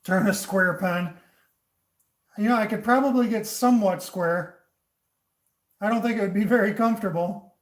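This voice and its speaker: Higher-voiced man, chatty woodturner. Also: moderate pace, long pauses. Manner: chats with viewers by name, reads comments aloud. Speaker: woodturner streaming live. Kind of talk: casual livestream chat while working. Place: workshop with a lathe. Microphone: camera set up beside the lathe. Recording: roomy workshop echo.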